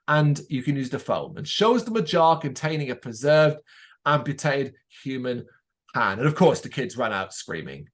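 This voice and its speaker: Speaking a touch fast in a fairly high register, a man recaps a TV episode on the podcast he co-hosts. His retelling is lively and casual, and he acts out every line he quotes.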